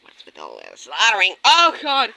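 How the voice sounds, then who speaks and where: High excitable woman voicing plush toys. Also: normal speed, vocal fry. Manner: screaming and gasping dramatically. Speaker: plush toy video narrator. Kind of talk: voicing a plush toy skit.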